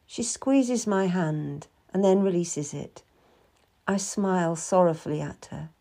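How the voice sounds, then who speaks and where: A woman narrating a historical novel in first person, in a measured, calm storytelling manner. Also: on the low side.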